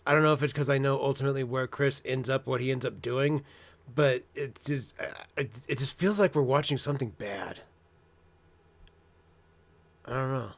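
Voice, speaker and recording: A man casually reacting to a clip, blunt, profane and halting, sounding uneasy. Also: medium pitch, vocal fry. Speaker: host reacting to clips.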